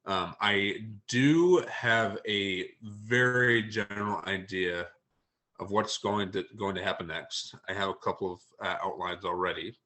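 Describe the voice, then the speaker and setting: Male author guest, hesitant, lots of ums, lowish pitch, bright tense tone. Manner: hesitant, many pauses and ums. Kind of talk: casual interview chat.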